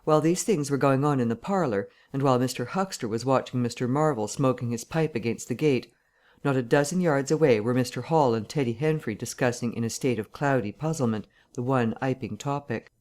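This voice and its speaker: A man narrating a classic novel audiobook in a measured, even reading. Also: mid-range voice.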